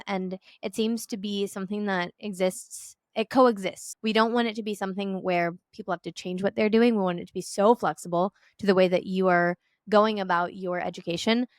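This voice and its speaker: A woman's voice: mid-range voice, dry recording, studio quality. A woman hosting a podcast interview, affirming her guest and asking questions in a casual way. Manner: warmly affirming, asks questions. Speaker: podcast host.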